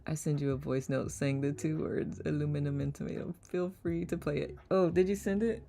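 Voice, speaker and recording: Woman host, low gravelly voice, playful live chat, faint music behind. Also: fairly even intonation, brisk, mellow. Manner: playful, laughs often, repeats words aloud. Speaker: host of online community circle. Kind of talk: casual live-stream chat reading comments.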